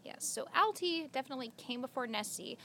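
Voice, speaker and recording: A woman's voice: sits high, animated, a little fast, pushed and bright, a little hiss or hum. A young woman co-hosting a podcast, chatty and giggly, telling a story with lots of filler words. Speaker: podcast co-host. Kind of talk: casual podcast chat.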